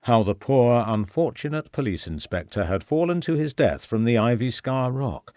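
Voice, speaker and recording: A man's voice: medium pitch, animated, moderate pace, dark tone, dry recording, studio quality, natural voice. A man voicing a scheming murderous villain who talks in a sneering, gloating way.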